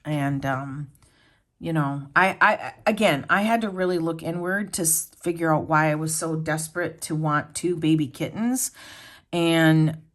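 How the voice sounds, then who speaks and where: A middle-aged woman with a notably low voice chats casually with her viewers at home. She rambles from one thing to the next and talks to them as friends. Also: measured pace, a bit bright. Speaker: planner vlogger. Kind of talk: casual chat.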